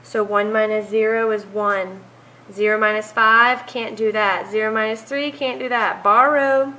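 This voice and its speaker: A woman's voice: fairly high pitch, steady tone, unhurried, sharp tone, low-quality recording. A woman teacher walking through math homework problems, counting aloud step by step.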